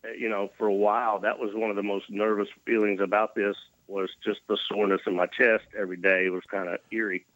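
A man's voice: on the low side, flat delivery, fast talker, few pauses, no room sound, phone-quality sound. A man from Mississippi, recovering from a near-death scare, telling his story with folksy self-deprecating humor as an interview guest. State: recovering from cardiac arrest.

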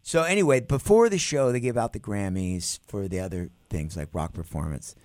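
A man's voice: lowish voice, normal speed, no echo. A middle-aged man, a musician guest, telling stories in a casual interview and acting out quotes with laughs. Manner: animated, acts out quotes with laughs.

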